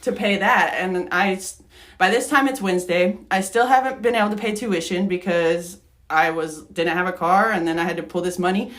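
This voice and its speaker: A woman's voice: on the low side, moderate pace, a bit bright. Young woman candidly telling a story. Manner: emotional, laughs through her story. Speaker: podcast co-host.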